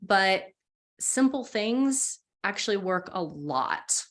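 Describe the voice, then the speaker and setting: A woman guest who teaches spiritual practice explains things slowly and earnestly in conversation, with a mid-range, expressive, slightly bright voice. She's encouraging and voices inner thoughts as quotes.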